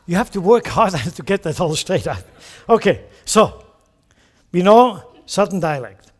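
A man's voice: high voice, very animated, a little slow, long reverb tail. A man preaching a sermon, teaching with emphasis and putting questions to the congregation.

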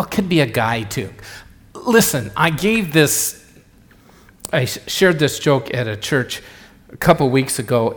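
In an echoey church hall, a middle-aged pastor with a fairly high, slightly bright voice delivers a sermon laced with jokes. His delivery rambles and stays chatty, constantly interrupting itself.

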